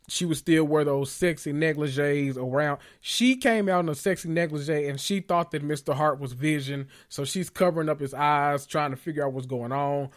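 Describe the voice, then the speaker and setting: A man hosting a casual recap, animated and joking, with frequent profanity. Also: fairly high pitch. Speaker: podcast host recapping a TV episode. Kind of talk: casual chat.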